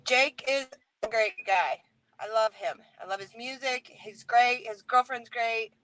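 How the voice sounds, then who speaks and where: A woman's voice: on the high side, measured pace, a bit bright. A woman co-hosting a casual chat, reacting with laughs and short comments. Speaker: guest co-host.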